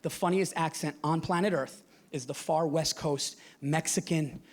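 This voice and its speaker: A male stand-up comedian performing on a theater stage, ranting with constant profanity and swinging from hushed asides to shouting. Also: fairly high pitch, fairly even intonation, normal speed. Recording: live audience laughter and room noise.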